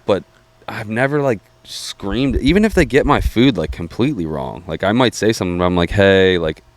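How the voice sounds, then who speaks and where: A man's voice: fairly low pitch, expressive, moderate pace, no echo. A man co-hosting a podcast, rambling in casual chat, hedging a lot and swearing. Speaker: podcast co-host.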